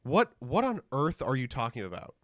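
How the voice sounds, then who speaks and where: A man's voice: medium pitch, huge pitch swings, moderate pace, dry recording. Male streamer, casual card-opening chat, crude jokes, rambling, dry close sound. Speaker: streamer opening trading cards.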